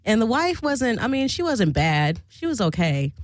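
A woman's voice: fairly high pitch, big pitch swings, normal speed, dry recording. Crude, laughing woman host, dry sound. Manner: crude, blunt, laughs often. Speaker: radio show host. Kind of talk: casual storytelling monologue.

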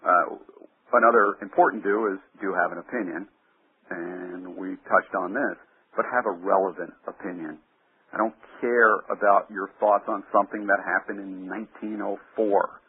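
A man's voice: low-pitched, husky. A man who coaches radio talk hosts, giving punchy, emphatic advice in short lines during an interview. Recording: phone-line sound.

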